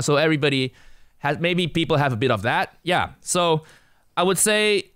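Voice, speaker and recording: A man's voice: mid-range voice, normal speed, fairly bright tone, smooth, no room sound, studio quality. A young man from Asia, a comedian and guest on a casual podcast, laying out his view point by point. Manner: lays out his argument point by point.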